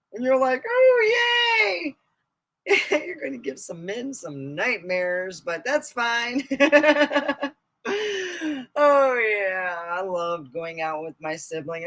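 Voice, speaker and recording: Slow-talking bright-voiced woman streamer. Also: mid-range voice, rough recording. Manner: chatty, laughs loudly, shrieks at punchlines. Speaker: comedy streamer. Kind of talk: casual rambling live-stream chat.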